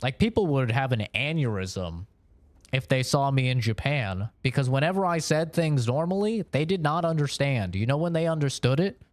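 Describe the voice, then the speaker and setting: A man's voice: medium pitch, lively intonation, moderate pace, dry recording. A young man from Oregon, chatting casually with his stream chat in a rambling, profane way, laughing between points.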